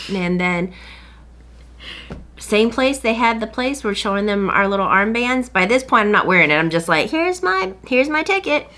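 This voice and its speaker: Woman podcast host with a bright, sharp voice. Chatty storyteller who acts out other people's lines. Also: medium pitch. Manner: animated retelling, acting out other people's lines. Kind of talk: casual storytelling chat.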